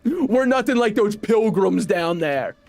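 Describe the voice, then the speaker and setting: Man doing a courtly bug caravan leader for a game, fake european-ish accent, broken english, slow and high. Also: expressive, creaky, a little mellow, faint music behind, heavily acted. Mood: welcoming. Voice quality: put-on somewhat European accent, broken grammar. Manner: slow, grand, welcoming delivery. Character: hospitable male flea caravan leader, courtly.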